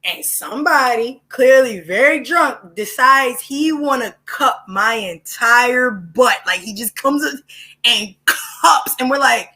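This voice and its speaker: Bright, lively woman. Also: a little high, takes it slowly. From Philadelphia, USA. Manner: animated, slangy, laughs mid-story. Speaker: guest. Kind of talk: casual storytelling chat.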